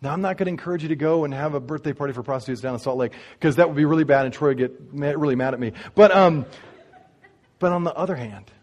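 A man preaching, telling a story and speaking straight to the congregation in an animated way. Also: on the high side, quick pace. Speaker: pastor. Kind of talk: sermon storytelling.

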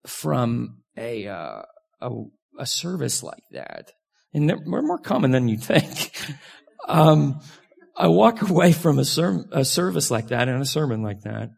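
A man giving a sermon as a pastor, talking in a candid, conversational way with sudden lively jumps in pitch. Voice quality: gravelly and husky.

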